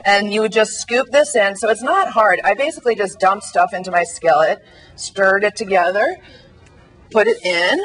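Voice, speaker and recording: A woman's voice: mid-range voice, fairly bright tone, husky, faint music behind, poor audio. A woman food editor on a TV morning show, explaining a recipe step by step in an upbeat way with frequent ums. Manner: upbeat, explanatory, many ums, quick laughs. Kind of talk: TV cooking demonstration. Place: TV studio kitchen.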